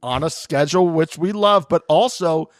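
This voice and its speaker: A woman's voice: deep voice, normal speed, no echo, studio quality. A woman co-hosting a podcast, joking and acting out little scenes as she chats about a reality show. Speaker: podcast co-host. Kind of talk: casual chat recapping a reality show.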